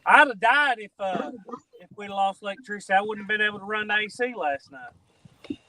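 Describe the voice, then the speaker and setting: A man's voice: high-pitched, moderate pace, pushed and bright, slight background noise. A man hosting a live fishing stream, bantering casually and thanking viewers. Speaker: fishing show host. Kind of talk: casual chat.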